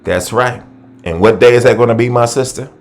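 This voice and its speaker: A man hosting a Bible study call, preaching with excitement, exclaiming and repeating himself to his listeners. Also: mid-range voice, brisk.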